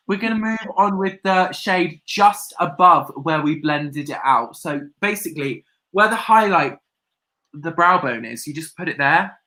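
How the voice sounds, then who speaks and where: A young woman hosting a live makeup tutorial, bubbly and excitable, chanting catchphrases to her viewers. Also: lowish voice. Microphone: webcam on a livestream.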